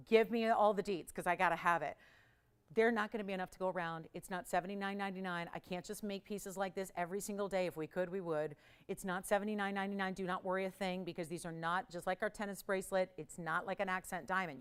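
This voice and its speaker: Woman, jewelry shopping host, live TV sales pitch, enthusiastic, emphatic, smooth clear voice. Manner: enthusiastic, emphatic selling with repeated phrases.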